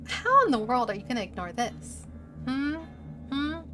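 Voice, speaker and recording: A giggly woman streamer chatting playfully over a game. Her voice is a little high and very lively in pitch, with soft music under it. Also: moderate pace. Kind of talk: casual gaming stream commentary.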